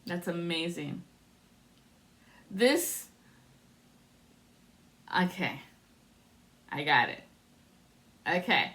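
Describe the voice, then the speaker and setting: A woman's voice: lowish voice, big pitch swings, extremely slow, pauses often, fairly bright tone. A woman giving a spiritual tarot reading to camera, talking in a rambling, musing way and often breaking into laughter. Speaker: tarot reader.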